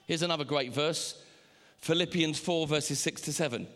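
Male pastor, fairly high voice, lively sermon delivery, long hall echo. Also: moderate pace. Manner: animated preaching with sudden high pitch jumps.

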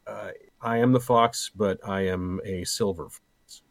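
A man's voice: on the low side, a little slow, dry recording. A middle-aged man in a casual podcast chat, joking around and rambling with a playful manner. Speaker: podcast co-host.

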